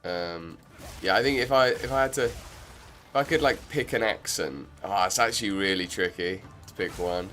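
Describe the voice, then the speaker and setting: A deep-voiced man chats his way through a game stream at a moderate pace, his tone a little bright. Casual and rambling, he fills his talk with filler words while soft music plays underneath.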